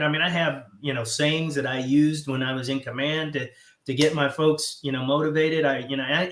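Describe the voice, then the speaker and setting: A man with a Southern American accent talks in a casual interview, pausing and restarting often and leaning on fillers. His voice sits a little high for a man. The sound carries a roomy echo. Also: fairly bright tone. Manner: halting, many fillers and restarts. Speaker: guest, former squadron commander.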